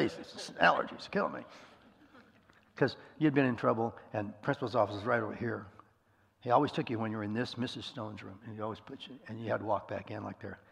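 A man's voice: mid-range voice, creaky, breathy edge. A middle-aged man preaching a conversational sermon, folksy and self-deprecating, telling homespun stories. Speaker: pastor. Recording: long reverb of a large hall.

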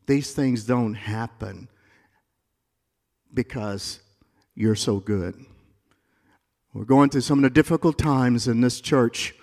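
A male pastor preaching a sermon in a church, moving between quiet, confiding asides and loud, rising climaxes. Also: mid-range voice, takes it slowly, long pauses, in a large hall.

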